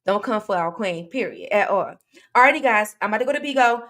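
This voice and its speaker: A woman running a casual true crime livestream speaks directly to her viewers, reading their comments aloud as she goes. Her talk is chatty and rambling, full of fillers and restarts, delivered fast and expressively at a medium pitch.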